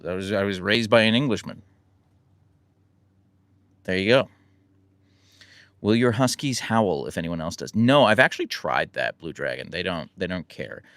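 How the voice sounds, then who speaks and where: An American man hosting a relaxed live stream, reading and answering chat questions in a rambling, self-deprecating way. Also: deep voice, moderate pace, pauses often, no room sound. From United States. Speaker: livestream host answering chat.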